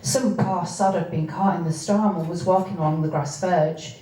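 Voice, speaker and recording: Woman reading her book out loud, dark mellow voice, echoey room, mic far off. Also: on the low side, normal speed. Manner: hesitant asides, steady reading. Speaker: author reading her novel. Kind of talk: live reading with spoken asides. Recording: echoey room, distant mic, faint noise.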